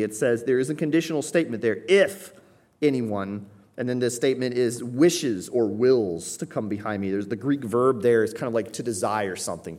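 A man's voice: mid-range voice, darkish tone. A man preaching a sermon, explaining scripture in a teaching manner with frequent rhetorical "right?" asides. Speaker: pastor.

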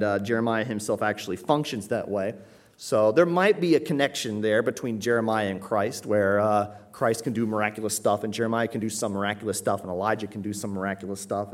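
A man preaching an expository sermon, emphatic and teacherly, often checking in with the listeners. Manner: emphatic, varies pitch and loudness for stress; teacherly, frequent "right?" asides. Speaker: pastor.

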